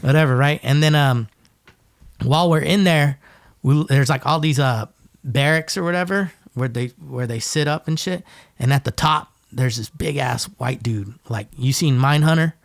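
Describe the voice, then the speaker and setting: A man's voice: medium pitch, normal speed, no echo, studio quality. A man from Northern California telling jail stories as a podcast guest, swearing a lot and acting out the people in them. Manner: profane, animated, acts out voices in his stories. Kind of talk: casual storytelling.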